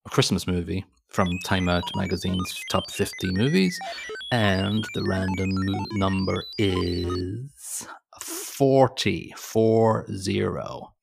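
A man's voice: low-pitched, slow pace, creaky, music in the background. A man co-hosting a movie podcast, chatting in a rambling, jokey way that keeps correcting itself. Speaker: podcast co-host. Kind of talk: casual movie podcast chat.

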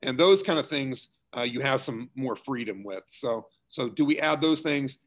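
Middle-aged man, theater director, casual explanatory talk, fillers and restarts, average pitch. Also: normal speed, a bit bright. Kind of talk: relaxed interview answers.

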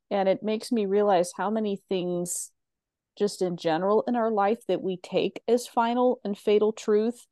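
Mellow-voiced woman host, measured questions. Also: medium pitch, no room sound, studio quality. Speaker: podcast host. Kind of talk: interview questions.

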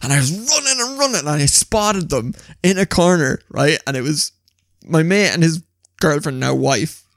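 Young Irish podcast host, animated storyteller with a fairly high, gravelly voice; dry close mic. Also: male voice, moderate pace, dry recording. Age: young adult. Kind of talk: casual storytelling chat.

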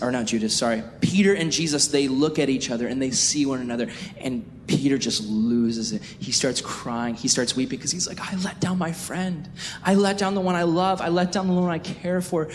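A man preaching a sermon in an emphatic way, swinging from hushed to raised, in a church hall. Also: medium pitch. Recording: reverberant hall with faint noise.

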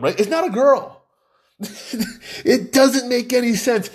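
A man's voice: extremely high pitch, lively intonation, unhurried. A man giving opinionated news commentary in a mocking tone, laughing often as he talks.

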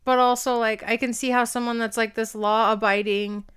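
A woman's voice: on the high side, little pitch movement, moderate pace, fairly bright tone, clean tone. A woman co-hosting a podcast, telling stories in casual chat with lots of fillers. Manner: chatty storyteller, lots of fillers. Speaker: podcast co-host.

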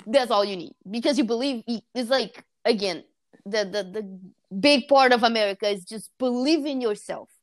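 High-voiced woman, animated and laughing. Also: normal speed, no echo, clean studio sound. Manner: animated storytelling, laughing often, acting out quotes. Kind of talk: casual chat.

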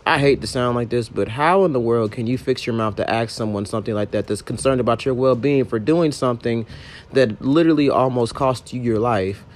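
A man's voice: mid-range voice, brisk. Exasperated young man ranting a storytime. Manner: exasperated, profane, emphatic retelling. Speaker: rideshare driver. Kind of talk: storytime rant.

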